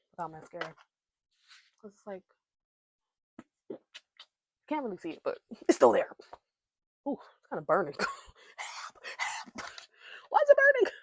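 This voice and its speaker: A woman's voice: medium pitch, darkish tone, no echo. A young woman hosting her podcast, chatting casually and playfully to herself while doing her makeup. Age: young adult. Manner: playful, giggly, talks to herself. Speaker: podcast host.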